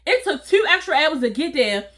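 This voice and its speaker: A woman telling a casual, animated storytime to her viewers, acting out voices and laughing along. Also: high-pitched, moderate pace. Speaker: storytime vlogger.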